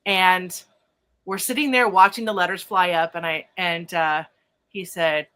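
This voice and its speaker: Bright-voiced animated woman storyteller. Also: lowish voice, normal speed. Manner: spiritual vocabulary. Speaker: podcast host and psychic medium. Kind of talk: casual storytelling chat.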